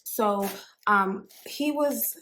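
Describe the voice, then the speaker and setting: Chatty excitable woman vlogging. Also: mid-range voice, extremely slow, slight background noise. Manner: chatty and excitable, acting out retold conversations. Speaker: fashion vlogger. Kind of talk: casual storytelling unboxing vlog.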